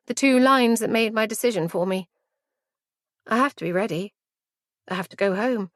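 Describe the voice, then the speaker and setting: A woman narrating a first-person audiobook in a measured, intimate and reflective way. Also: mid-range voice, no echo, clean studio sound.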